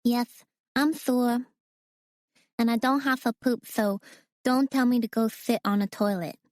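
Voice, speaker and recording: A little boy with a tummy ache whimpers in a high, drawn-out voice, as a woman narrator puts him on. He sounds slow and pitiful, close and dry. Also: darkish tone, dry recording, natural voice. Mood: indignant.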